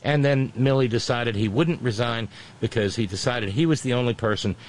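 A man's voice: mid-range voice, moderate pace, rough recording. A man giving a casual political commentary monologue, mocking and sarcastic, often breaking off and restarting.

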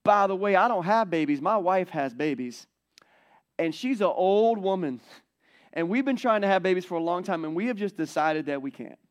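A man's voice: high voice, animated, normal speed. A man voicing an old priest who doubts he can have a child, speaking with exasperated insistence. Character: worried old male priest, realist.

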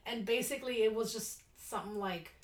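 A woman's voice: a little high, fairly quick. Podcast co-host, woman, laughing storyteller, recorded in a roomy space. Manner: rambling storyteller, laughs often. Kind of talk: casual chat.

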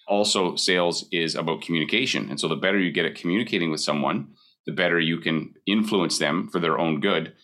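A man's voice: low-pitched, quick pace, bright, forceful tone. A man in his forties, a mortgage broker giving candid, conversational advice with emphatic repetition. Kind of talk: casual advice talk.

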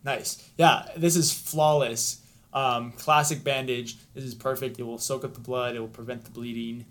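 A man's voice: medium pitch, fairly even intonation, moderate pace, fairly bright tone. A man running a tabletop game, narrating scenes and calling for rolls. He talks in a hesitant way with frequent ums. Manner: hesitant, many ums while describing. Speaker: game master.

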